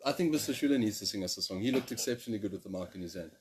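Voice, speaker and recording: A man's voice: lowish voice, animated, rapid-fire, a little hiss or hum. A shy, polite man chatting as a guest, laughing nervously and addressing the host formally. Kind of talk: casual chat.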